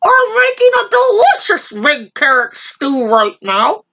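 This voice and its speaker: Little plump boy rabbit, eager and proud, high and drawn out; a woman puts him on. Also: sing-song, unhurried, bright, forceful tone, lo-fi sound, exaggerated voice.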